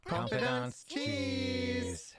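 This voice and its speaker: A woman voicing a cute, sleepy little boy with a high, drawn-out child voice and a British accent. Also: big pitch swings, creaky, a loud crowd, exaggerated voice. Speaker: voice actor.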